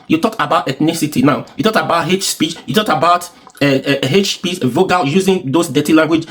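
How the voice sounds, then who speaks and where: A man's voice: a little high, slightly rough. A man with a Nigerian accent giving heated, insistent commentary full of rhetorical questions and repetition. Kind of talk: opinionated political commentary.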